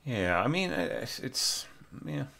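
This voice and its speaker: Slow and sing-song, a medium-pitched man's voice sounds creaky, pushed, and bright as he casually critiques a student's orchestration score. He thinks aloud, restarting hesitantly, and sings short phrases using nonsense syllables.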